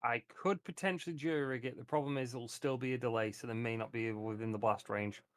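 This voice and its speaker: A man playing a tabletop game, joking and animated in banter. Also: medium pitch, brisk. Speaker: player. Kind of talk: tabletop role-play banter.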